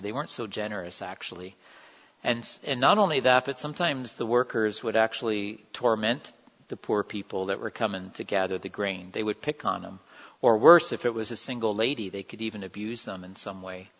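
A man's voice: lowish voice, fairly bright tone. A man giving an earnest, conversational sermon. He acts out the quoted lines with feeling. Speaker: preacher. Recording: dull sound in a reverberant hall.

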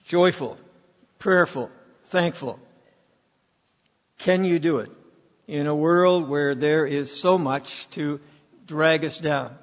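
A man preaching a sermon as pastor, telling stories and leading the congregation in reading aloud. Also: a little high. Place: church sanctuary. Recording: dull, lo-fi sound with long hall reverb.

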